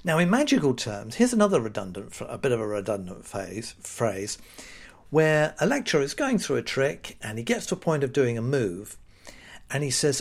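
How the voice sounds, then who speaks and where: Wry British man with a lively voice. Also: mid-range voice, moderate pace, gravelly. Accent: British English. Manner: wry, sarcastic, chatty with mock-quoted voices. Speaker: podcast host. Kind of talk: casual solo podcast monologue.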